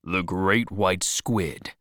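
A man's voice: low voice, drawn-out words, a bit bright, no echo, clean studio sound, exaggerated voice. A man voicing a grim, uneasy male first mate aboard a whaling ship.

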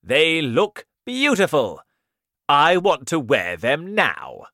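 A man voicing a vain, cruel king who shouts slow, loud commands in a told story. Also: on the high side, wildly swooping pitch, no echo, clean studio sound, voice pushed up, exaggerated voice. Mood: pleased.

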